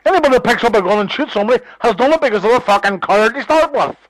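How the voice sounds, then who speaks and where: A man argues on a call, his voice pitched high and recorded dry and close. He is scornful and combative, and he swears constantly. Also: animated, racing, no room sound, low-quality recording. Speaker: phone call participant. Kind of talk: heated phone argument.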